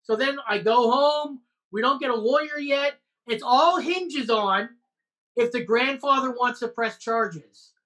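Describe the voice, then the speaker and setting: A woman co-hosting a podcast, telling an animated story in casual chat with lots of swearing. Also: on the high side, a little slow.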